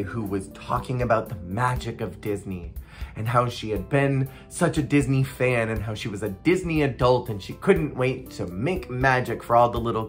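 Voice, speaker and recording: Wry, blunt storyteller recounting work memories. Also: mid-range voice. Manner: animated, acts out quoted people. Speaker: former theme park cast member. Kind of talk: casual storytelling vlog.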